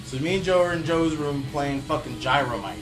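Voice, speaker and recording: A man telling a crude, swear-filled story in a casual comedy chat, animated and quick to act things out. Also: a little high, over loud music.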